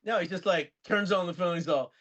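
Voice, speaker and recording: A man's voice: high-pitched, brisk, highs cut off. A man in his fifties, a guest musician on a podcast, chatting casually and rambling through stories, swearing freely as he goes. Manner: animated, rambling storyteller who swears freely. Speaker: guest musician and record producer.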